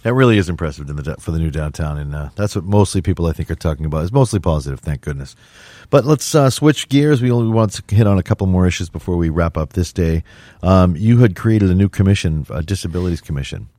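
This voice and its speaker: Man, interview host, quick delivery, deep voice. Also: lively intonation, dark tone, dry recording, clean studio sound. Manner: quick, stumbling over restarts. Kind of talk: radio interview.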